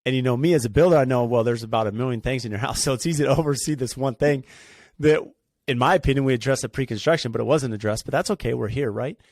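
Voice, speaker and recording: Fast-talking gravelly builder man. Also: medium pitch, a little mellow, no echo, clean studio sound. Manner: fast, chatty, many fillers like "you know". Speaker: home builder, podcast co-host. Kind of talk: casual business conversation.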